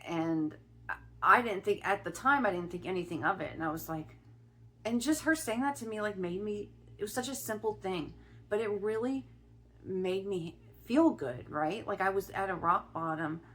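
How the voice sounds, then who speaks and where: A middle-aged woman from Ohio telling a personal story in a chatty vlog, often restarting her sentences and filling pauses. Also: mid-range voice, animated, a bit bright. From Ohio, USA. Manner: chatty, with many restarts and fillers. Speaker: spiritual vlogger.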